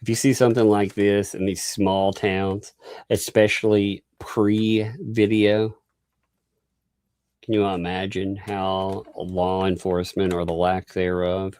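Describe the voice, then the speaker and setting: A man's voice: low voice, little pitch movement, slow pace, a little mellow, no echo. A man hosting a casual live-stream commentary, rambling, laughing often and restarting his sentences. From Southern United States. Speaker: YouTube commentary host.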